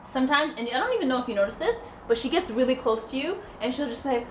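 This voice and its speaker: A woman's voice: high voice, lively intonation, fast talker, a bit bright. A young woman chatting casually with a friend on a vlog, giggling often. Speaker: vlogger. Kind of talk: casual chat. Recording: echoey room, faint noise.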